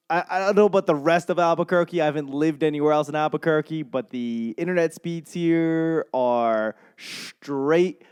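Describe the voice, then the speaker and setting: A man's voice: a little high, darkish tone, clean tone. A young man from Boston, a stand-up comedian hosting his solo podcast, rambling casually, swearing often and losing his train of thought. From Boston, USA.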